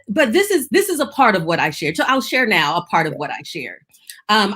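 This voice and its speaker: A woman in her fifties, a guest on a faith talk show, telling her story with lively acted-out quotes. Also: lowish voice. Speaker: guest speaker. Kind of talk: testimony in a faith interview.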